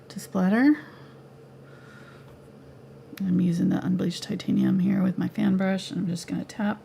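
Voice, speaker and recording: A woman with a gravelly, creaky voice talks through a live painting lesson in a home studio. She is relaxed and chatty, and her voice is going hoarse from coughing. A faint hiss of noise sits under the recording. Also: mid-range voice. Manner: relaxed, chatty, laughs easily. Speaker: painting instructor.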